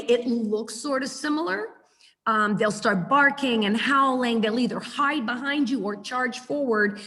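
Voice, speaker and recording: A woman dog trainer teaching a webinar over a video call, chatty and lively, repeating words for emphasis. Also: fairly high pitch. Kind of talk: webinar lesson. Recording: echoey video call audio.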